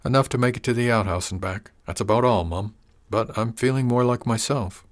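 A man's voice: mid-range voice, a little fast, close to an everyday voice. A man voicing a young woman recovering from a fever, who speaks in a hesitant, earnest, rustic way.

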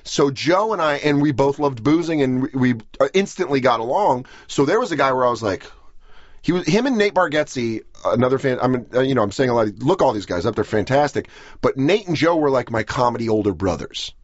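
A young man, a comedian guest, talking in a rambling, self-deprecating, animated way on a podcast. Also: medium pitch, fairly quick, no room sound, lo-fi sound. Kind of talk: casual podcast conversation.

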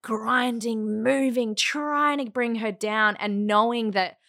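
Animated woman telling a story, dry sound. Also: on the high side, slow pace, no echo. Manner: animated, acts out quotes and sounds; laughs often mid-story. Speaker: podcast guest. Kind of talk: casual storytelling chat.

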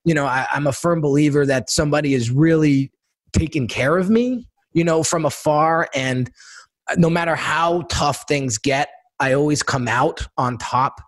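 A middle-aged man telling his life story in a casual interview, animated, acting out quotes and often repeating words. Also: fairly high pitch, moderate pace, no room sound. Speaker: guest entrepreneur and designer.

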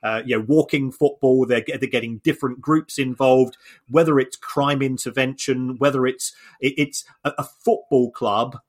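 A man's voice: medium pitch, steady tone, moderate pace. A man co-hosting a podcast, explaining things in a casual discussion with frequent restarts and repeated words. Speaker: podcast co-host.

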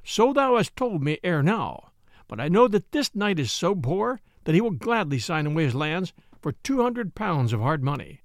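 A man's voice: on the high side, sing-song, normal speed, no room sound, clean studio sound. A man voicing a greedy, pompous, hot-tempered prior in a storybook reading, gloating and quivering with anger.

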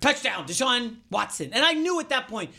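A man hosting a sports betting podcast, telling stories in an excitable, animated way. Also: very high-pitched, normal speed, vocal fry. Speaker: podcast host.

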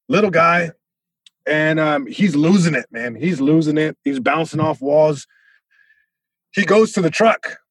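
A young man, a comedian on a podcast, spins a casual story and bursts out loudly when impersonating others. He has a slightly high, husky voice, captured close and dry with no room sound at all.

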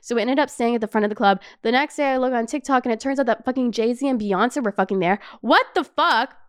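A young woman with a fairly high, very clear and smooth voice, chatting as a podcast host. She tells her stories casually, with lots of laughing and loose swearing along the way. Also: fast talker. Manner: animated, laughs often, swears freely. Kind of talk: casual storytelling.

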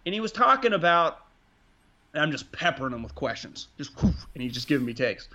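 A man co-hosting a casual sports podcast, rambling, excitable and profane as he talks. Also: a little high, fairly quick. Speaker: podcast co-host.

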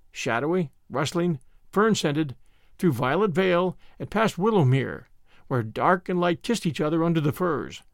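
A man reading a classic novel aloud as narrator, measured and expressive. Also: on the high side, dry recording, studio quality.

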